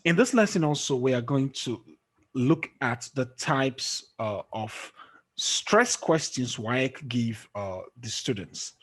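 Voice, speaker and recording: Over a screen-sharing call or recording, a man teaches an online English lesson, patiently quizzing students and often checking with "okay?". His medium-pitched voice is expressive, slow and husky.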